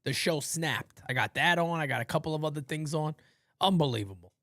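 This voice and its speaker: A man hosting a casual live fan play-by-play, rambling and swearing between pitches. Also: fairly quick, bright, forceful tone, dry recording, studio quality. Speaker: play-by-play host of a fan channel.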